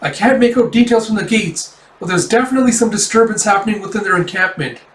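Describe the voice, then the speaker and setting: Guy doing a nervous young soldier, high squeaky voice, kinda loud, sounds far off in an echoey room. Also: fast talker, lightly acted. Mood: flustered. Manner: jittery, stumbling over answers. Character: flustered young male castle soldier. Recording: roomy, distant mic, faint ambience.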